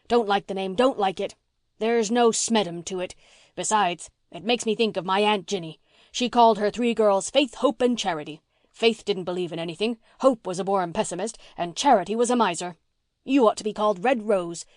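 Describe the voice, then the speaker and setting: A gruff old farmer, bossy and teasing, who barks his points twice over, as a woman reader puts him on. The voice sits at an ordinary middle pitch, and the audiobook sound is close and dry with no room around it. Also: a little mellow, no echo, close to an everyday voice. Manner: bossy, teasing, repeats himself. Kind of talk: audiobook reading.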